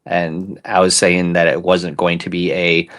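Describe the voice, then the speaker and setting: Male co-host, deep-ish voice, easygoing talk. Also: little pitch movement, measured pace, fairly bright tone. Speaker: co-host of an investing show. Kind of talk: casual podcast chat.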